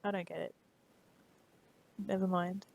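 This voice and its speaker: A woman streaming live while 3D modeling, muttering quietly to herself, reading tool tips aloud and chatting loosely with viewers. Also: mid-range voice, level tone, a little slow, creaky, dry recording, poor audio. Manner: chats loosely with viewers in between.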